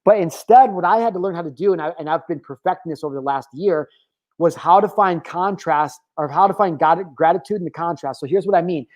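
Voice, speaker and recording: A man's voice: fairly high pitch, brisk, a little mellow. Candid, profane man in his thirties. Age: 30s. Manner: candid and profane, tangent-prone, with filler words. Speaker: host. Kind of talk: casual motivational talk.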